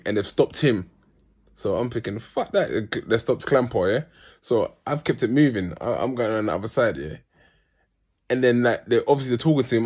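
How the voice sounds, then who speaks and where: A man's voice: medium pitch, darkish tone, dry recording, studio quality. A London man in his thirties telling his own story in a conversational way, often checking in with "yeah?". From East London. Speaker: storyteller and football club founder. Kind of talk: first-person storytelling.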